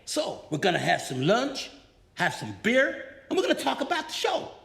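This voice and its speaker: Loud gushing comic dude, high voice that jumps all over, gravelly. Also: male voice, wildly swooping pitch, moderate pace, heavily acted. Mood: effusive. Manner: exuberant, loud and effusive. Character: boisterous friendly male comic actor. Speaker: comedy show star.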